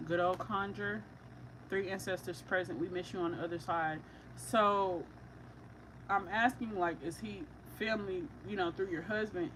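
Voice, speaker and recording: A woman doing a psychic reading for viewers, talking casually and excitably with slang, often breaking into laughter. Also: mid-range voice, background noise. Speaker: psychic reader.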